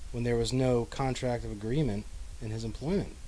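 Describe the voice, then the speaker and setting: A man's voice: mid-range voice, fairly even intonation, a little fast, warm tone, slight background noise, rough recording. A man in a casual podcast chat, making dry wisecracks.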